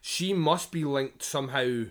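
Casting note: man, mid-pitched, rambling podcast co-host, swears easily. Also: unhurried. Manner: rambling, frequent fillers, swears casually. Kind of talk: casual chat about a TV show.

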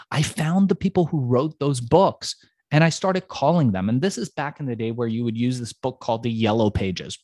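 Man from iran, middle-aged, guest on an interview, lively storyteller, voice in the middle range, dry close sound. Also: mid-range voice, no room sound. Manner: animated storyteller who acts out the people in his stories. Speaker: podcast guest, entrepreneur.

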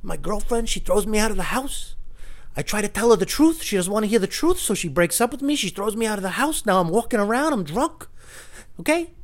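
A man's voice: high voice, animated, brisk, voice pushed up. A man voicing a drunk, self-pitying big man in his thirties, who pleads and nearly cries. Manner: pleading, weepy, slurring.

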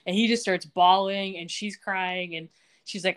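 Female podcast co-host, middle pitch, lively scene-retelling. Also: a little slow, clear, resonant tone. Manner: animated storytelling, acts out quotes. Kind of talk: casual podcast chat.

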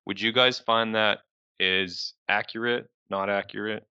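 A man's voice: lowish voice, fairly even intonation, measured pace, bright, forceful tone, smooth, dry recording, dull audio. A man co-hosting a podcast, talking casually and hesitantly with many fillers. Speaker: podcast co-host. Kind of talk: casual chat.

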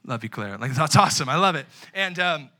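A young man preaches a sermon in a bright, somewhat high voice. He talks casually, with chatty fillers, then drops to hushed, earnest tones before rising again. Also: a little fast. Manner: animated preaching that swings between loud and hushed. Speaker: pastor.

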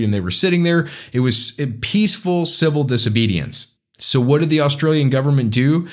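Impassioned American man hosting a podcast. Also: medium pitch. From United States. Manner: impassioned, urging listeners to act. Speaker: podcast host. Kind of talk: political commentary podcast.

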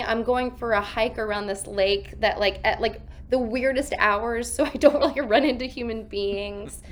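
A woman telling stories in a casual interview over a video call from a hotel room, animated and laughing, acting out her own lines while recovering from covid. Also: high-pitched. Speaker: actress guest.

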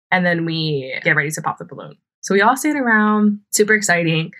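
A woman's voice: lowish voice, expressive, moderate pace, a bit bright. A young woman hosting a podcast, telling a personal story casually, full of fillers, frequent laughs and free swearing. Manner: chatty, filler-heavy, swears freely, laughs often. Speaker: podcast host.

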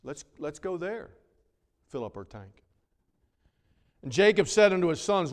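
A man preaching a sermon, swinging between loud emphatic lines and hushed, drawn-out words. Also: sits high, big pitch swings. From North Carolina. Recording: long reverb of a large hall.

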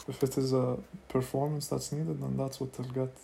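A man voicing a blunt, proud warrior leader with a gruff, commanding way of speaking. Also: mid-range voice, little pitch movement, normal speed, warm tone, slight background noise.

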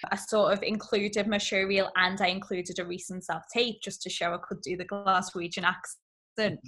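A young actress, a guest on a podcast, talking in a chatty, self-deprecating way and laughing often. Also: female voice, medium pitch, pushed and bright. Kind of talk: casual podcast interview.

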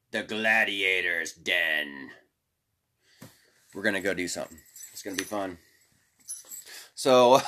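A man's voice: medium pitch, a bit bright. A man hosting a podcast, chatting casually in a rambling way with cursing and frequent restarts. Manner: rambling, cursing, self-interrupting. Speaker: podcast host. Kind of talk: casual chat.

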